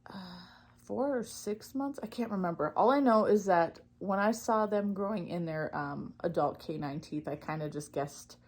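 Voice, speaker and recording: A woman's voice: lowish voice, moderate pace. A young woman chatting casually in her crafting vlog, rambling with lots of fillers and getting easily distracted. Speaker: knitting vlogger. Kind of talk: casual chat.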